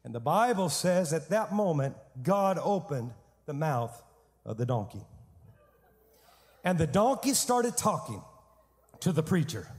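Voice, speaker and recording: A male pastor delivers a sermon with animated storytelling and humor. His voice is high and carries a long reverb through a large sanctuary. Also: measured pace, long pauses.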